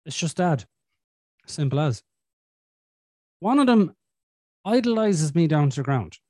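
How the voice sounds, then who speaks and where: A man with a dark-toned, fairly high voice tells stories about his kids as a podcast guest, very animated yet unhurried. He swears freely and acts out quoted voices in casual chat, recorded in clean studio sound without echo.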